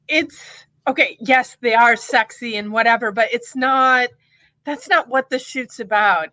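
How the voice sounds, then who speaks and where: A woman's voice: mid-range voice, bright, forceful tone, no echo. A woman co-hosting a casual podcast, talking reflectively with many fillers and restarts. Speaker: podcast co-host.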